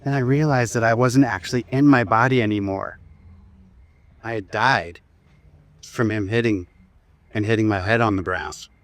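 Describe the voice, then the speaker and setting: The recording is dry, and the man's voice runs on the low side. He's speaking at a wellness event, recounting something personal to the group in a loose, conversational style with fillers and restarts, and he takes them through slow breathing.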